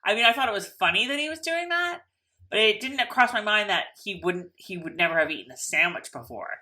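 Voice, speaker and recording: A woman co-hosting a casual TV recap, chatty and animated with plenty of fillers. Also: mid-range voice, fairly quick. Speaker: podcast co-host.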